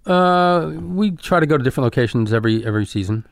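Casting: quick, halting middle-aged chef guest, dry close sound. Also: male voice, medium pitch, animated, no echo. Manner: halting, many restarts and fillers. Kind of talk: casual interview chat.

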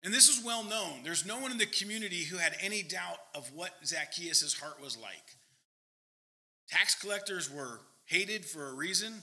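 A male pastor delivering a sermon in a church sanctuary. His voice sits high for a man and rings very bright. He preaches earnestly and with emphasis, tossing in quick asides. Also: lively intonation.

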